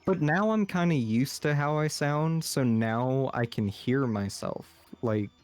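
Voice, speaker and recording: A man's voice: mid-range voice, slow, darkish tone, soft background music. A man with a slight lisp and a general American accent, rambling through a casual podcast chat with lots of fillers. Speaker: podcast co-host.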